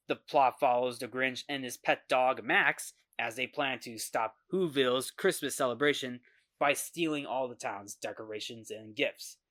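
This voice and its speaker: A man in his twenties hosting a casual film review, talking in a halting way with many restarts and repeated words. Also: medium pitch, sharp tone. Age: 20s.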